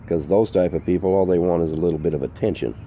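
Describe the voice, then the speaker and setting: Deep gravelly older man giving advice. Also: quick pace, warm tone, slight background noise. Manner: earnest, repetitive, emphatic. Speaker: full-time RV vlogger. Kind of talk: casual outdoor vlog advice. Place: outdoors in the sun.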